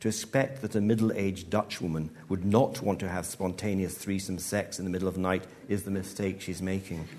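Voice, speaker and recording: A man reads his own short story to a live audience. His delivery is measured and dry, and his voice sits on the low side. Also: fairly even intonation, darkish tone, slight background noise. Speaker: author. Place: live event venue.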